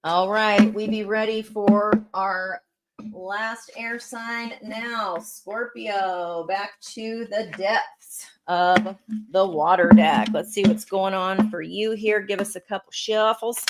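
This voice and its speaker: A woman's voice: mid-range voice, heavy background noise. A woman giving a casual tarot reading, chatty and encouraging, talking straight to her viewers. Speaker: tarot reader.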